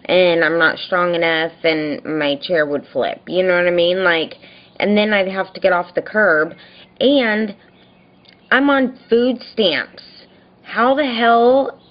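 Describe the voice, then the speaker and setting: A woman's voice: fairly low pitch, steady tone, slow, lo-fi sound. A woman vlogger venting in a rambling, frustrated daily video diary, telling a story by quoting what she and others said.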